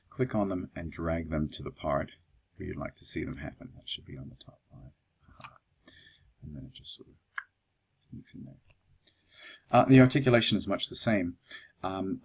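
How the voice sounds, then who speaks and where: Male tutor, very low gravelly voice, unhurried screencast explainer. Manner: calm, explanatory, with fillers. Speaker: music teacher.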